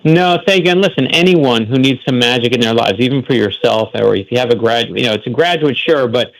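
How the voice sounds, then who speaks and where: A man's voice: medium pitch, quick pace, creaky, poor audio. A man from Florida, a guest author on a radio show, telling earnest, heartfelt stories in an interview.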